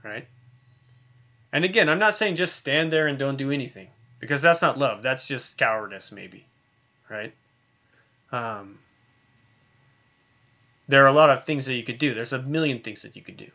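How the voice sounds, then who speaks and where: A man's voice: mid-range voice, moderate pace, pauses often, bright, forceful tone, lo-fi sound. A man teaching a Bible lesson in a conversational way, often asking "right?" and using fillers. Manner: conversational, many tag questions and fillers. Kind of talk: recorded online lesson.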